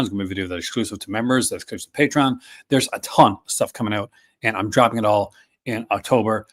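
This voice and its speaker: A man's voice: lowish voice, a bit bright. A man hosting a casual live stream, talking enthusiastically with many fillers and restarts. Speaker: host.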